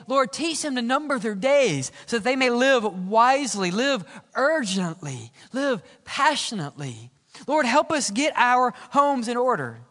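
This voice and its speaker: A middle-aged man preaching a sermon as pastor, building intensity and then dropping to soft, low tones on key lines. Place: church sanctuary. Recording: reverberant church sanctuary.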